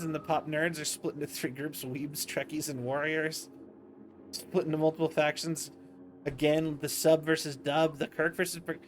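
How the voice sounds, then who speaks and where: A tired man streaming late at night, rambling and interrupting himself in casual livestream commentary. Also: high voice. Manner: rambling, self-interrupting, chatty. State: tired, yawning.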